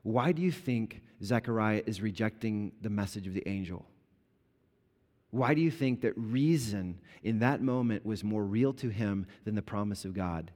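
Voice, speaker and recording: A man preaching a sermon as a pastor, explaining scripture conversationally and bringing the story to life with lively retellings. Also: on the low side, normal speed. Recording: long reverb of a large hall.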